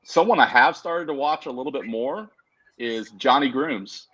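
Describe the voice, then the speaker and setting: A man's voice: mid-range voice, normal speed, pushed and bright, breathy edge, dull audio. A man joining a casual interview as the guest over a video call. He talks in an easygoing way, with lots of fillers and easy laughs. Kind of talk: casual chat.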